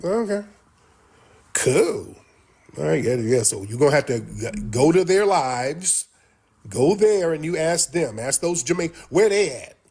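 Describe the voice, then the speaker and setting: A man's voice: a little high, sing-song, a little slow, a little mellow, husky. A man talking on a livestream clip, blunt and dismissive, repeating himself as he answers. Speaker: livestream host. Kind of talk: livestream commentary.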